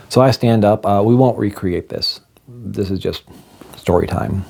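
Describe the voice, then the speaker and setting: A man's voice: lowish voice, unhurried, creaky, a little mellow, husky. A man telling a personal story in a casual vlog, with wry, self-deprecating humor.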